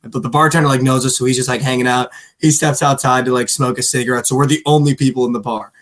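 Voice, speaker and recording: A man's voice: mid-range voice, steady tone, fast, fairly bright tone. A young man in his twenties co-hosting a sports betting podcast, telling stories in a rambling, casual way full of fillers. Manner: rambling storyteller, lots of "like" and "dude". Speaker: podcast co-host.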